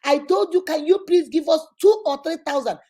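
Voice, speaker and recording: Woman voicing a reproachful, hungry Nigerian man, high and whiny. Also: moderate pace, mellow, natural voice. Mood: aggrieved. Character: hungry pleading male follower, aggrieved and accusing.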